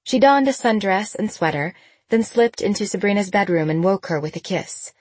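Woman, audiobook narrator, steady storytelling, husky, dry sound. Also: lowish voice, normal speed, no echo. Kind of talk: scripted narration.

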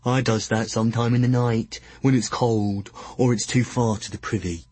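A man voicing Kent, a gruff and weary loyal old knight in the stocks. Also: mid-range voice, fairly even intonation, moderate pace, a little mellow, no room sound, close to an everyday voice.

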